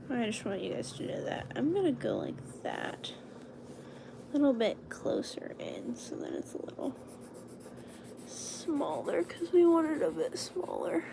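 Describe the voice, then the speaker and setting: A young woman chats casually to her stream while she draws, narrating every stroke and now and then dropping to a hushed whisper. Her voice has a gravelly edge and swings up and down in pitch. The home recording carries a steady layer of noise. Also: a little slow. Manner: chatty, talks herself through each step, drops to a hushed whisper at times. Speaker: livestreamer. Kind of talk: casual livestream chat while drawing.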